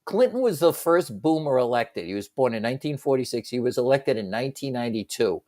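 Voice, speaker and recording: A middle-aged man riffs on a radio talk show, voice rising and falling with energy. He slips into shouted movie-style lines mid-thought. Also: mid-range voice, a little fast. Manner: animated, bursts into shouted movie quotes. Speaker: radio sports talk co-host. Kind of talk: casual talk radio banter.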